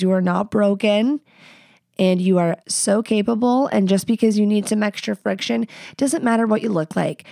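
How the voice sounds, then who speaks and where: A woman's voice: mid-range voice, gravelly, mellow, no room sound, clean studio sound. Blunt, profane woman podcast host. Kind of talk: casual advice chat.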